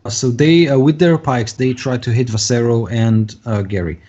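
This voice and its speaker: A man's voice: mid-range voice, normal speed, dark tone. A man running a tabletop game as game master, narrating hesitantly with many fillers. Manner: hesitant, lots of ums and uhs. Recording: dull lo-fi recording.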